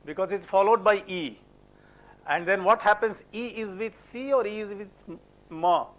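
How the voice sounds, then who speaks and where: A man's voice: high voice, moderate pace, fairly bright tone. A man with an Indian English accent lecturing a class on French pronunciation, asking questions and repeating words as a drill. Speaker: French phonetics teacher.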